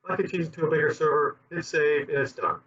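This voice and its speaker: Speaking fast in a husky voice that runs high and a bit bright, the guest QA director rambles through a conversational interview, repeating words frequently. The recording is dull and lo-fi.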